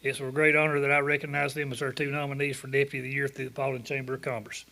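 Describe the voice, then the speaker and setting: A man's voice: mid-range voice, little pitch movement, racing, vocal fry, noisy background. A man with a Southern US accent, a sheriff's office officer presenting an award in a folksy, joking, plain-spoken way. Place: luncheon event room.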